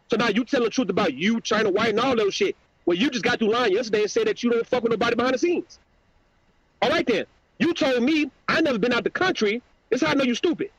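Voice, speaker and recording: A man's voice: very high voice, muffled recording. A man hosting his own channel, delivering a profane, combative, mocking rant in a livestream. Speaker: YouTube channel host.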